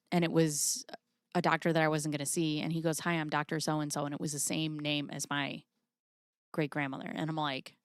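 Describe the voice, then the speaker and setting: A woman's voice: lowish voice, a bit bright, clean tone, no room sound, clean studio sound. A woman in her thirties hosting a casual livestream, chatting frankly and swearing freely while reading out comments from viewers. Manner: chatty, swears freely, reads chat aloud. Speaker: livestream host.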